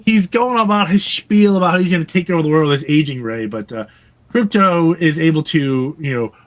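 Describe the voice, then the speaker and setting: A man with a slightly raised pitch casually recaps a vintage comic book for his podcast co-hosts. He rambles through the plot with fillers and chuckles at its campy moments. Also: animated, a little fast. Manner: rambling, laughing, acts out characters' lines. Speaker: podcast co-host.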